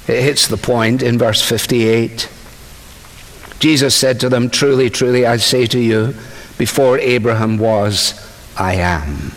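A male preacher walking through scripture in a relaxed, conversational sermon, dropping asides to the congregation. His voice sits at an ordinary pitch and rings out with a long hall reverb.

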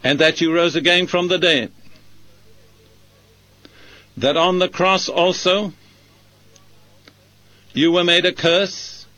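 A man preacher leading a prayer in slow, measured, solemn phrases. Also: high voice, steady tone, bright, forceful tone, no room sound.

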